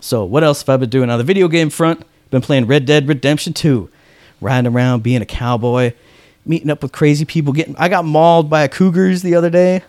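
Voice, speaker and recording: A man's voice: on the high side, fairly quick, darkish tone, no echo. A man chatting casually as a podcast host, enthusiastic and full of "like", acting out the dialogue in his stories. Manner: enthusiastic, heavy use of "like". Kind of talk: casual chat.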